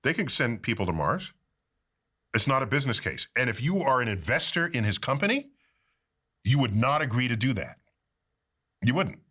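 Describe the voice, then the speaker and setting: A man explaining in an interview clip with a bright, forceful voice that swings widely in pitch. He keeps his listener involved by quizzing them as he goes. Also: normal speed, pauses often, breathy edge. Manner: animated, quizzes the host.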